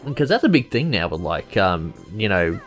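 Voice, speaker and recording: A man's voice: lowish voice, sing-song, normal speed, soft background music. A young man co-hosting a let's play, chatting casually and laughing often at his own jokes. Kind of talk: casual gaming commentary.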